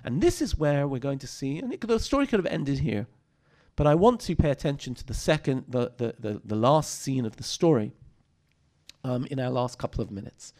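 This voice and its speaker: A man's voice: mid-range voice, lively intonation, moderate pace, warm tone. A man teaching a text study lesson, reading verses aloud and explaining them with rhetorical questions. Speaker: Bible teacher.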